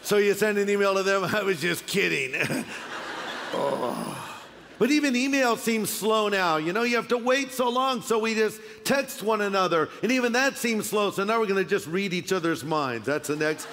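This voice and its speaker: A middle-aged man preaching a sermon as pastor, joking and doing quick impressions as he tells stories. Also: high voice, a bit bright, slight background noise. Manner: humorous storytelling with impressions. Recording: long reverb of a large hall.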